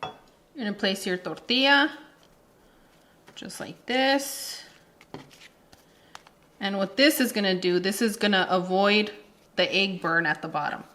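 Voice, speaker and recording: A woman's voice: mid-range voice, a little slow, pauses often, sharp tone, slight background noise. A woman in her thirties hosting a casual home cooking video in her kitchen, chatty and playful, dropping in Spanish words as she talks. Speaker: cooking channel host.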